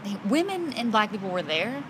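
A woman's voice: mid-range voice, big pitch swings, brisk, background noise. A woman from the United States co-hosting a podcast, telling stories in a candid, joking casual chat and laughing often. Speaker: podcast co-host.

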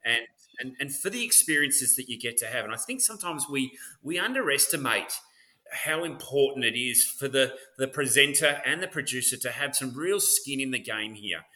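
A man's voice: medium pitch, animated, moderate pace, sharp tone. A man hosting an interview, asking questions and praising his guest. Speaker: host. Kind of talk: conversational interview.

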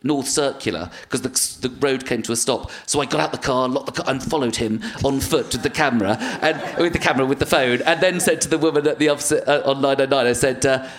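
A man's voice: mid-range voice, fast talker, few pauses. A middle-aged English man, a comedian guest on a live podcast, telling stories in a rambling, self-deprecating way.

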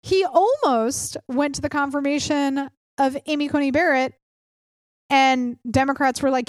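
A woman's voice: high voice, normal speed, no echo, studio quality. A woman in her thirties hosting a political podcast, ranting bluntly and sarcastically with frequent swearing. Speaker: podcast host. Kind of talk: opinionated political podcast rant.

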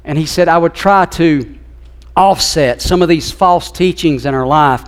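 A middle-aged man preaching from the pulpit, his somewhat high voice carrying an earnest, heartfelt storytelling tone. He moves through a family story toward a point of faith. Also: a little slow. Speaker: pastor. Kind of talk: sermon. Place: church sanctuary.

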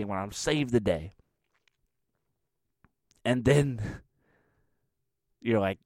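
A man giving a sports commentary as an animated, mocking rant, acting out the quotes he tells. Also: on the low side, takes it slowly, pauses often, no echo, studio quality.

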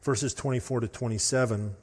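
A man preaching a sermon as pastor, telling stories with animated, rising intensity. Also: mid-range voice, fairly quick. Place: church hall. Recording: long hall reverb.

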